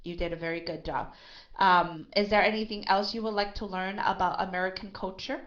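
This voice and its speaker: A woman teaching English pronunciation, repeating words slowly and correcting her student, with Vietnamese as her first language. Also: medium pitch, fairly even intonation, fairly bright tone. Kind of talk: online pronunciation lesson. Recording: dull lo-fi sound.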